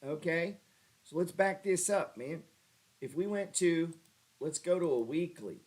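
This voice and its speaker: A stock trading livestream host talks through charts casually at a measured pace, sounding sarcastic and profane. He tosses mocking asides to chat, his pitch jumping animatedly whenever he ribs viewers.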